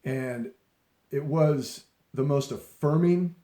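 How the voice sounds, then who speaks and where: Brief: middle-aged man, mellow tone, rambling emphatic storyteller, echoey room. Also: a little high, slow. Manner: rambling, emphatic, laughs often, frequent restarts. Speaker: speaker sharing leadership stories. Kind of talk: casual storytelling talk.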